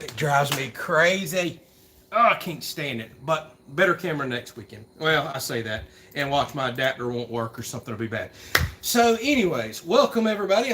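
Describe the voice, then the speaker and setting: A man hosting a casual livestream Q&A, chatty and rambling and quick to laugh, recorded on a phone camera. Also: on the high side, fairly bright tone, a little hiss or hum. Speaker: livestream host.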